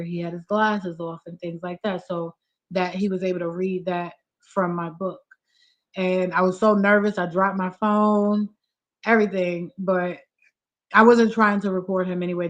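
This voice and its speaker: A soft-spoken woman hosting a live stream, chatting casually and close to tears. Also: on the low side, muffled recording. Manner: emotional, on the verge of tears.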